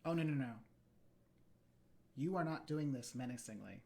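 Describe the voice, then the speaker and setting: Gm narrating a tabletop game, slow and deliberate, big pauses. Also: medium pitch, animated, gravelly, darkish tone. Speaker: game master.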